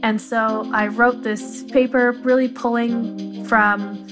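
A woman's voice: on the high side, fairly even intonation, slow. A woman guest in an interview, speaking in a chatty, eager way and laughing easily. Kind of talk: casual interview talk. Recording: music bed under the voice.

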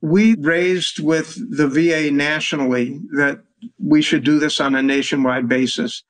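A man's voice: fairly high pitch, fairly even intonation, a little slow. A man, a doctor, answering an interview question in a plain, matter-of-fact way, a little away from the mic.

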